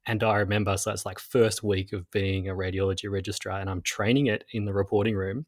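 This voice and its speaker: Jokey podcast host. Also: male voice, on the low side, level tone, fast, no echo. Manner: jokey, laughs often, does silly voices. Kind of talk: casual podcast chat.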